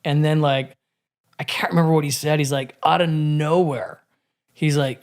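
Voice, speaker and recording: A man's voice: fairly high pitch, steady tone, normal speed. A man in casual podcast conversation, telling a candid story with frequent swearing and many restarts.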